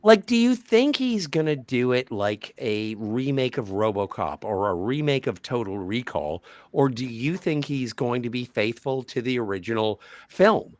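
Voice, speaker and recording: Dude rambling on a late night stream, lively voice, dry close sound. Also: male voice, medium pitch, normal speed, few pauses, no room sound. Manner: joking, rambling, teasing. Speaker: co-host.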